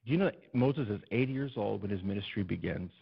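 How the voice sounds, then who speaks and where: A male preacher giving an animated, storytelling sermon and addressing his congregation in a church. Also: on the low side, fast talker, gravelly, husky. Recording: dull, muffled recording.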